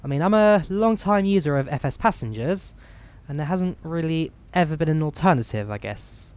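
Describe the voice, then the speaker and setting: A man from the UK giving relaxed, chatty commentary while flying a flight simulator, explaining each menu as he clicks through it on a headset mic. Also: on the high side, moderate pace, smooth. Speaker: flight sim streamer. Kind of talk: casual gameplay commentary.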